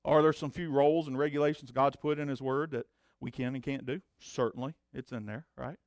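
A man preaching a sermon as pastor, swinging between loud emphatic declarations and low conversational asides. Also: fairly even intonation, a little fast, no room sound, studio quality.

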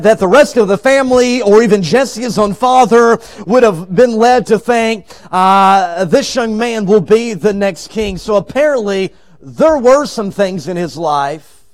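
High-voiced preacher, shouting and hushing. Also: male voice. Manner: swings from loud shouting to hushed low tones; acts out the story characters in voices. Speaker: evangelist. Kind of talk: revival sermon. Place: church sanctuary.

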